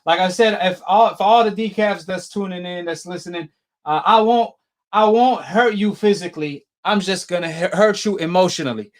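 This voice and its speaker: A man's voice: sits high, moderate pace. A man hosting a live boxing talk stream, chatting in a casual, slangy way and laughing often. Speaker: host of a boxing talk show.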